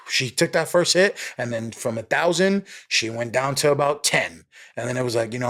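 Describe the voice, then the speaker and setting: A man, a former police officer, telling a story as a podcast guest in casual speech, animated, peppered with "right?" and "you know" and the odd swear. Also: mid-range voice, moderate pace. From New York City.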